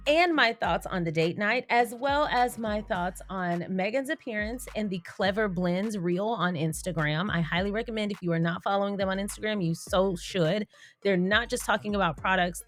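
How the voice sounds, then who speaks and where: A young adult woman talks through her casual commentary vlog in an easygoing, chatty way. Her voice sits at a medium pitch, and she laughs often and drops slangy asides. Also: a bit bright. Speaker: YouTube commentary host.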